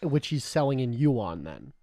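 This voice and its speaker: A man's voice: medium pitch, sing-song, unhurried, mellow, no echo. Rambling joking young man, dry sound. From Canada. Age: young adult. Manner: rambling storyteller, heavy filler "like", joking and swearing. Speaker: podcast co-host. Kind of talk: casual chat.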